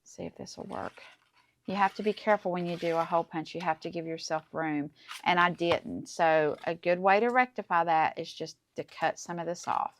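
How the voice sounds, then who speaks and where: A chatty woman walks viewers through a craft project step by step. Her voice sits low and carries a gravelly edge. A faint hiss runs under the recording. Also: normal speed. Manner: chatty, enthusiastic, talks through each step. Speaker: crafting channel host. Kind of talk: casual crafting tutorial.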